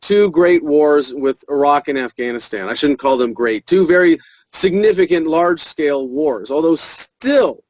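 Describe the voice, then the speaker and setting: A man's voice: a little high, animated, moderate pace, darkish tone, no room sound, poor audio. A man giving an interview as a political activist, talking earnestly and speeding up when he presses a point.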